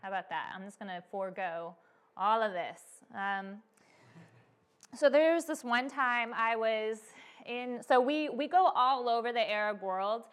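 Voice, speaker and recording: A young woman from the United States shares faith testimony as a missionary speaker. Her voice sits a little high, and she tells her stories in an animated way, filling pauses with "um" and "you know.". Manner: animated storytelling with frequent fillers. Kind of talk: testimony to a church audience.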